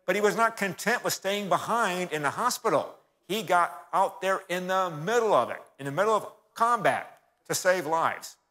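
A man's voice: high voice, expressive, normal speed, few pauses, pushed and bright. A man giving a folksy, sermon-style history talk in a church, often turning to the audience and calling them folks. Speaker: guest speaker. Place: church hall. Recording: reverberant church hall.

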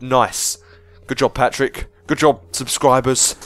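A man's voice: medium pitch, normal speed, a bit bright. A young man giving casual, sweary let's-play commentary, chatting and joking as he reacts to the game. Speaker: gaming video host.

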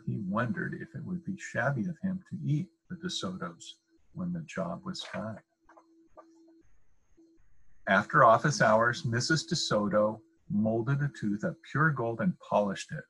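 Husky older man reading a storybook. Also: fairly low pitch, animated, unhurried, fairly bright tone, rough recording. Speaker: grandfather reading aloud. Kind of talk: reading a picture book aloud.

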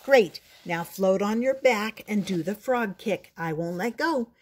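A patient mother frog, as a woman reads her aloud, coaxing and encouraging in slow, steady words. Her voice sits at a middle pitch, close to an everyday woman's. A gentle storybook parent.

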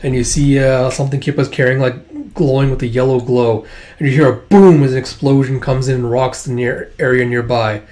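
A man narrates a comic book aloud in a loose, casual way. He fills his sentences with fillers and swears now and then, at a middle pitch. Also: fairly even intonation, a little fast, a little mellow. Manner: loose, filler-heavy and profane. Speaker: comic reader, vlogger.

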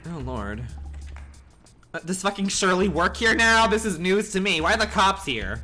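A man's voice: high-pitched, expressive, normal speed, long pauses, pushed and bright, soft background music. A man streaming a role-play game in a flamboyant, campy manner, swearing freely and calling people darling.

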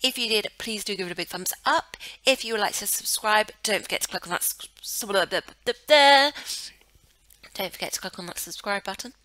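A woman's voice: mid-range voice, fast, few pauses, sharp tone, no room sound, low-quality recording. A woman chatting casually over a life-simulation game, cooing affectionately at her characters. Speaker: gaming channel host. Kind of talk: casual gameplay commentary.

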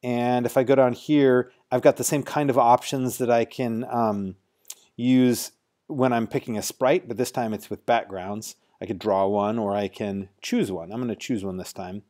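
Brief: man, mid-pitched and mellow, talks through a coding lesson casually, thinking aloud. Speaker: teacher. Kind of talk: screen-recorded coding tutorial.

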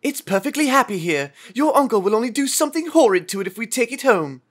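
A man voicing a dreamy, thoughtful young girl who talks in an earnest, wondering and gently bossy way. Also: extremely high pitch, big pitch swings, fast talker, voice pushed up, full character voice. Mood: urgent.

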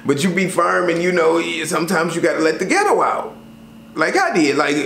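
Slangy, animated man vlogging casually. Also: high-pitched, normal speed, vocal fry. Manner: loose, slangy, animated storytelling with many fillers. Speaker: travel vlogger. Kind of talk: casual chat to camera. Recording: roomy sound with faint ambient noise.

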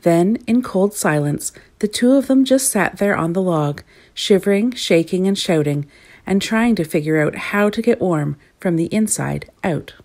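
Female storyteller, expressive reading voice, slightly low pitch. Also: unhurried.

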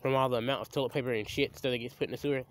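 A man's voice: medium pitch, steady tone, racing, slight background noise. Rambling young man vlogging by a creek. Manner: rambling, stammering and restarting. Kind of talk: casual outdoor vlog. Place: outdoors by a creek. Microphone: handheld phone camera.

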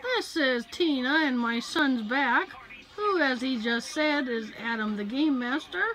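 A woman's voice: high voice, animated, unhurried, a bit bright, rough recording. A woman chatting in a rambling, casual way as she films her pets and bedroom at home on a handheld camera. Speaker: mother filming her home. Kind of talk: casual home video chat.

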